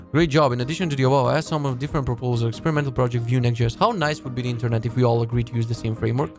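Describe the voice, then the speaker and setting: A man's voice: mid-range voice, very fast, hardly any pauses, darkish tone, faint music behind. A man hosting a casual live stream about web development, ranting in a sarcastic, profane way and reacting to chat. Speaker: livestream host.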